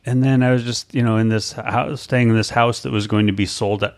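A man hosting a podcast, talking in a rambling, halting way full of fillers and restarts. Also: mid-range voice, fairly even intonation, darkish tone. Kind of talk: casual podcast chat.

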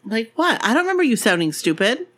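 A woman's voice: fairly high pitch, big pitch swings, quick pace, fairly bright tone. A woman co-hosting a podcast in casual chat, playful and teasing. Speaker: podcast co-host.

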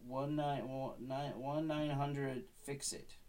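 Guy doing a grumpy sarcastic hitman sidekick, dry and snippy, mid pitch. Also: steady tone, fairly quick, close to an everyday voice.

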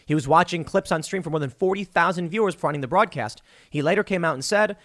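Emphatic male political commentator, slightly high. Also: a bit bright. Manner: emphatic, argumentative, reads out news quotes.

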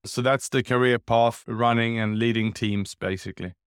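A man's voice: mid-range voice, steady tone, normal speed, smooth, no room sound, studio quality. Middle-aged Swedish-born man, Australian-tinged accent. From Sweden. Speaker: guest, business executive and author. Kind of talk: interview answers.

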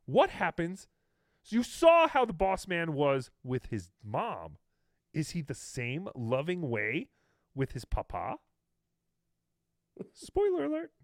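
A man hosts a casual podcast, reacting to clips with dry sarcasm and easy laughter. His voice sits a bit high and moves around a lot. The sound is close and dry. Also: wildly swooping pitch, slow pace, long pauses, no room sound. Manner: amused, sarcastic, laughing often. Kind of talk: casual commentary.

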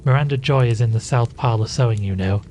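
A man's voice: medium pitch, fast, dark tone, a little hiss or hum, natural voice. A man voicing a stern, suspicious woman, an elder sister, in a read-aloud story, with a stiff, admonishing manner.

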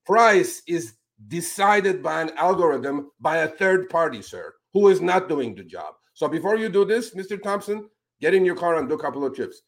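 A man hosting a talk show, speaking in casual, animated commentary that turns indignant as he calls out politicians with a pointed "sir". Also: on the high side, moderate pace. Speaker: podcast host.

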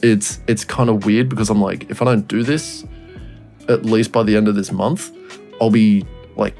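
A man's voice: lowish voice, moderate pace, gravelly, mellow, faint music behind. Rambling young man, casual chat. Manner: rambling, laughs often, swears freely. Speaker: podcast co-host.

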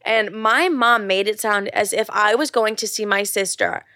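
A woman's voice: medium pitch, moderate pace, bright, forceful tone, dry recording, studio quality. A young woman in her twenties hosting a solo podcast, telling stories candidly with lots of "like" and swearing. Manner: candid storytelling, heavy filler "like", frequent swearing. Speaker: podcast host. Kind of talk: casual solo podcast chat.

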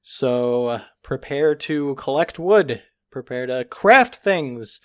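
A man reviewing a video game in a casual podcast chat, animated and emphatic, with a joking tone. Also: mid-range voice, slow pace, smooth.

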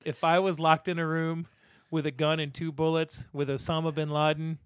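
A man's voice: fairly high pitch, flat delivery, moderate pace, clean tone, dry recording, studio quality. A man co-hosting a casual podcast chat, easygoing and laughing along, often trailing off mid-sentence. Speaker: podcast co-host.

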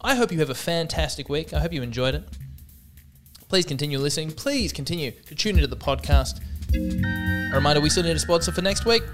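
A man's voice: a little high, expressive, fairly quick, soft background music. A man hosting his own podcast alone, talking casually with a self-deprecating, rambling manner and many fillers. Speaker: podcast host. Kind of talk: casual solo podcast monologue.

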